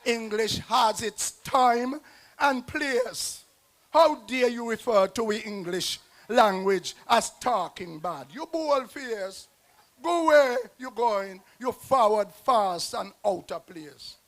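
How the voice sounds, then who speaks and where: A man with a Nevisian Creole accent performing a rhyming dialect poem as a guest poet, with a rhythmic delivery and dramatic swings in loudness. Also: extremely high pitch, lively intonation, slow. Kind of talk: performance poetry recital. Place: outdoor stage at a festival square.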